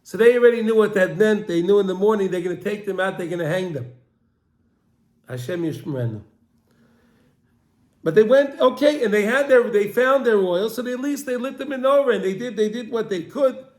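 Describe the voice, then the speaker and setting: A man tells a long religious teaching story, circling back over his own phrases and restarting as he goes. His voice is pitched high for a man. The room around him rings with a noticeable echo. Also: expressive, brisk, darkish tone. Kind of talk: storytelling lesson. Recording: roomy echo.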